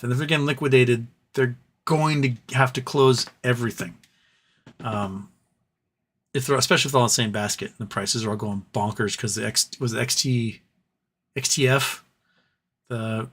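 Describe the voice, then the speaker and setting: A man's voice: medium pitch, steady tone, fairly quick, fairly bright tone. A man hosting a casual live stream, reading viewer comments aloud and answering them, tired and starting to lose his voice. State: tired, voice wearing out. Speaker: livestream host reading chat.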